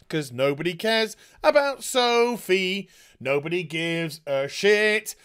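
Sarcastic male reviewer, exasperated and sweary, very animated delivery. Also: high-pitched, slow, clear, resonant tone. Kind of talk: ranting show review.

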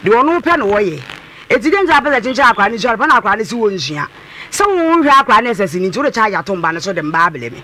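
Fast, animated Ghanaian woman caller. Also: mid-range voice, a little hiss or hum. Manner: insistent, repeating her points. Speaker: caller, mother demanding compensation. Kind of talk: radio call-in talk.

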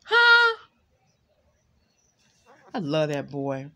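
A woman doing a relaxed tarot reading from her home. She talks candidly and chattily to her viewers, with frank asides. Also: fairly low pitch, a little slow. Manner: candid, chatty, breaks off to scold her pet and laughs. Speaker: tarot card reader. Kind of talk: casual tarot reading livestream.

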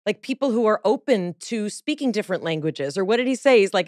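A woman hosting a podcast, animated and jokey in casual chat. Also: medium pitch, dry recording, clean studio sound. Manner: animated, jokey, quick to laugh. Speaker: podcast host.

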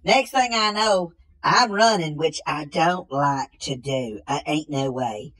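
A woman's voice: deep voice, animated, slow pace, fairly bright tone, heavily acted, rough recording. A woman doing a bumbling country man. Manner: drawling, repeats "ain't no way". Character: slow-witted country man who bumbles around. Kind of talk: comedy sketch.

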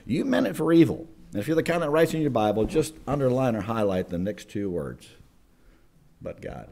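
Animated husky-voiced man preaching. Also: medium pitch, a little fast. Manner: animated, acts out quoted voices. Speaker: chapel speaker. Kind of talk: sermon. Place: college chapel.

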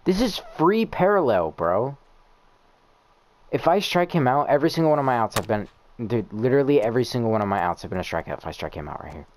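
A man's voice: medium pitch, sing-song, quick pace. Exasperated young man ranting over a game. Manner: exasperated, profane, rambling complaints. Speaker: gamer posting gameplay. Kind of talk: live gameplay commentary.

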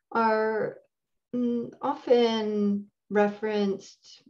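A woman meditation teacher giving an unhurried dharma talk, often pausing and searching for words with fillers. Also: mid-range voice, a little mellow. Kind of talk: dharma talk introducing a practice. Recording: dull lo-fi recording.

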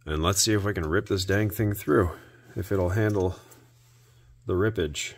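A man hosting a repair video, narrating his work out loud with dry little jokes to himself. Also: sits low, normal speed. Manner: self-talk with dry jokes. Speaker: host.

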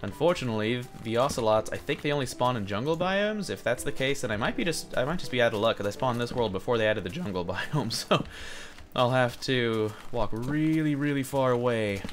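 A man's voice: mid-range voice, expressive, fairly quick, faint music behind. A young man giving chatty Let's Play commentary, rambling and yelping when monsters jump him. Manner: chatty, jumpy, yelps at monsters. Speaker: gaming video host.

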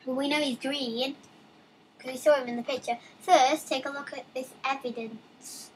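A young woman with a high voice chats through a let's play, reading game dialogue aloud and breaking off into excited asides. She talks casually and a bit rambling. A faint hum of ambience sits behind her. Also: moderate pace, poor audio.

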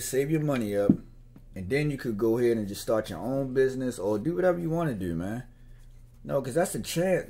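A man's voice: mid-range voice, mellow, slightly rough. Easygoing man rambling on. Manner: loose, slangy, meandering. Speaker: gun owner vlogger. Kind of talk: casual rambling chat.

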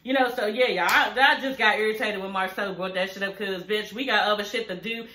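A woman's voice: mid-range voice, brisk, pushed and bright, roomy sound, a little hiss or hum. A woman recapping a reality TV episode in casual chat, swearing freely, laughing often and addressing viewers as y'all. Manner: chatty and profane, keeps addressing viewers as y'all; laughs often while talking.

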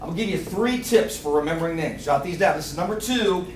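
A man giving a lively seminar talk, quizzing the audience and acting out little scenes. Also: a little high, fast talker, slight background noise. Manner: energetic, quizzes the crowd, acts out little scenes. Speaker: seminar speaker. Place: meeting room with audience. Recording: echoey room, picked up from a distance.

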